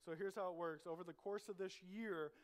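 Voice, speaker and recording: High-voiced emphatic male pastor. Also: steady tone, fairly quick. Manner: emphatic, repeats lines for the congregation to echo. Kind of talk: sermon. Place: church.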